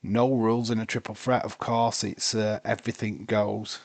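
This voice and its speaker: A man's voice: lowish voice, flat delivery, normal speed, vocal fry, no room sound. A sleepy, tired man commentating a live wrestling watch-along, rambling and talking to himself. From United Kingdom.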